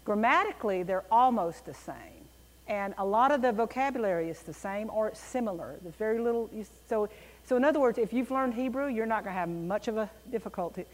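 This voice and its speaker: A woman teaching a Bible class in an animated, emphatic way, with a reverberant room around her. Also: a little high, fairly quick.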